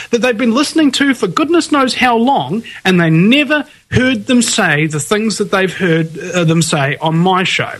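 Ranting high-voiced radio host. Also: male voice, a bit bright, husky. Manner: ranting, emphatic, laughs often. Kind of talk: casual radio talk.

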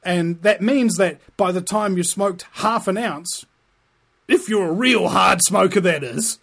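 A man's voice: high voice, a little slow, vocal fry, a bit bright, husky. A middle-aged man hosting a podcast, giving sarcastic, impassioned commentary and laughing at his own jokes. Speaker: podcast host. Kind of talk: ranting commentary.

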